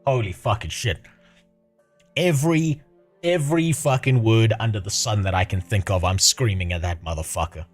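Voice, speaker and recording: Speaking at normal speed with a fairly low pitch, this South African livestreamer in his thirties keeps the chat casual and profane, laughing frequently. Faint music plays in the background.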